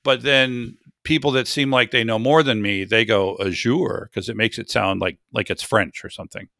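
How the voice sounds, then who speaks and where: Gravelly, bright-voiced man hosting a podcast. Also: on the low side, fairly even intonation, normal speed, dry recording, studio quality. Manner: rambling, self-correcting, chatty. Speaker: podcast host. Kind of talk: casual tech podcast chat.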